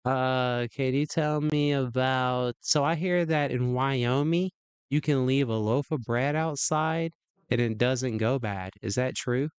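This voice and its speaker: A man hosting a casual stream, joking and rambling through restarts. His voice is crisp and resonant, close and dry with no room sound. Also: medium pitch, takes it slowly, no room sound. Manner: rambling and playful, many restarts. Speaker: livestream host.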